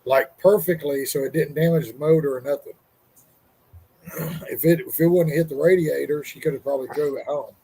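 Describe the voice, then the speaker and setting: A man with a gravelly, husky voice, telling a story in laid-back casual chat. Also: fairly high pitch, fairly even intonation, moderate pace, warm tone, low-quality recording.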